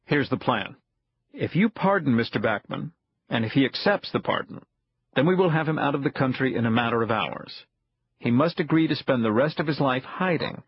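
A man voicing a frail, cold old spy chief, husky and soft-spoken. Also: medium pitch, expressive, normal speed, no room sound, muffled recording. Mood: calm, cold.

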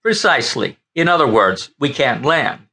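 A man voicing a gruff, irritable starship captain in an audiobook, curt and blustering. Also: medium pitch, big pitch swings, moderate pace, pushed and bright, full character voice. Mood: flustered. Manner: curt and blustering, then flustered.

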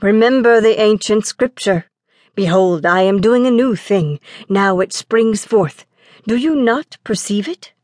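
A woman voicing a cautious, responsible boy prince who looks out for his younger brother and talks in a steady, reasoning way. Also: medium pitch, measured pace, no echo, studio quality, natural voice.

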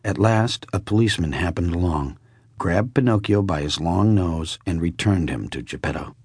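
A man narrating a classic children's story in a measured, expressive way. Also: sits low, breathy edge, no room sound, clean studio sound. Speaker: audiobook narrator.

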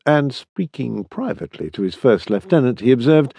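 A man narrating historical fiction as an audiobook, expressive and varied in his storytelling. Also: medium pitch, normal speed, creaky, few pauses, breathy edge, dry recording.

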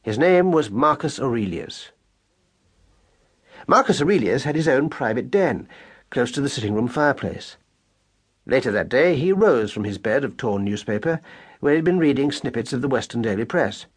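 A man narrating a children's audiobook in a measured, expressive storytelling manner, with a husky voice. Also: mid-range voice. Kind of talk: scripted narration.

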